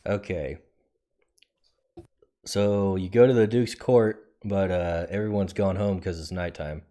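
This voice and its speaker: A man running a tabletop game as game master, relaxed and teasing. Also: sits low, slow pace.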